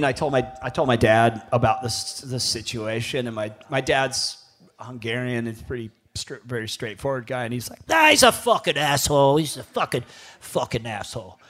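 A man in his fifties tells rambling stories in casual talk, swearing freely and breaking into laughter. His pitch sits in an everyday middle range, and he often restarts his sentences. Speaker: guest, former pro surfer. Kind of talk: casual storytelling.

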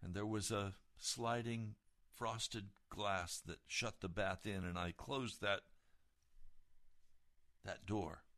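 A man preaching a personal testimony in a slow, deliberate way and a fairly low voice. His delivery is dramatic and emotional, and it surges into loud, intense peaks. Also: steady tone.

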